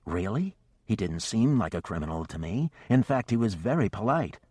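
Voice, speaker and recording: A man's voice: on the low side, sing-song, moderate pace, darkish tone, breathy edge, no echo, studio quality. A man voicing a polite, direct teenage girl. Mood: earnest. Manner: polite, a bit curt.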